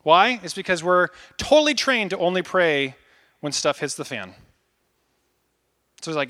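A man in his thirties preaching a casual, animated sermon, acting out little asides as he goes. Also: a little high, moderate pace, long pauses. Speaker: pastor.

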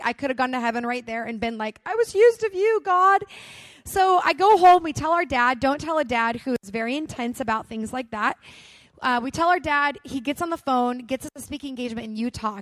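A young adult woman pastor telling a story in a sermon, animated and self-mocking, acting out the voices of the people in it. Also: high voice, no echo. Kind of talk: storytelling sermon to a live crowd. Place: gymnasium.

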